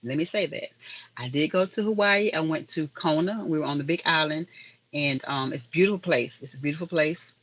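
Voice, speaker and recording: A woman's voice: sits low, a little fast, fairly bright tone, highs cut off. A woman hosting a casual live stream, chatting and rambling to viewers in the chat. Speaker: livestream host.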